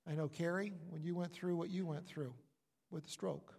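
A man's voice: a little high, steady tone, normal speed, vocal fry, darkish tone. A middle-aged man from New York, a pastor preaching a sermon as he tells a story with emphatic repetitions. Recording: long hall reverb.

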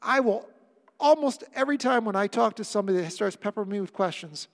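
High-voiced preacher in a reverberant hall. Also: male voice, lively intonation, quick pace. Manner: builds to impassioned near-shouting, then drops to quiet. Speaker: pastor. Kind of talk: sermon.

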